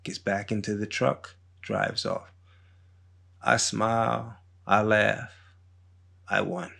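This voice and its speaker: A man hosting a podcast, telling a story in a casual monologue, unhurried and digressive with a street-wise manner. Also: fairly low pitch, level tone, gravelly, pushed and bright. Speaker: podcast host.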